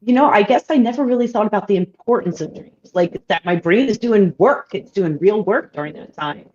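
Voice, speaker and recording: A woman's voice: mid-range voice, lively intonation, brisk. A woman hosting a science livestream, asking questions and thanking the audience with enthusiasm. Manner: enthusiastic, warm interjections. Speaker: livestream host. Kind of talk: livestream interview. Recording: dull, muffled audio.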